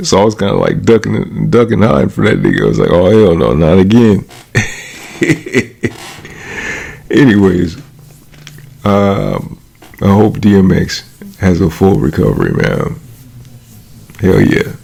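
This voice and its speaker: Low and slightly mellow yet a bit rough and creaky, this Californian vlogger's voice swings hugely in pitch as he talks slowly, pausing often. Chatting casually into the camera in a commentary monologue, he's slangy and profane, laughs a lot and keeps asking "you know what I'm saying?"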